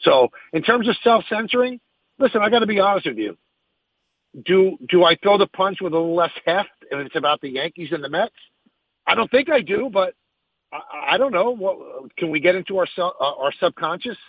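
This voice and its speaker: A man's voice: high-pitched, expressive, brisk, breathy edge, no echo, muffled recording. A man who hosts sports radio, answering interview questions frankly and emphatically, thinking aloud as he goes.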